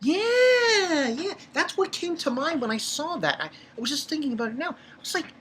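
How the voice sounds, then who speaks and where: A man giving a casual, rambling review of a comic chapter, talking excitably and jumping up in pitch when he gets worked up. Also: brisk, slight background noise. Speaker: manga reviewer.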